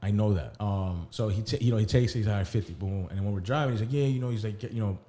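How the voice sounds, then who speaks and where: A man's voice: lowish voice, quick pace, warm tone. A man co-hosting a podcast, telling a long story in casual, profane talk and acting out what people said. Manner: rambling, profane, acts out quotes. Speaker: podcast co-host.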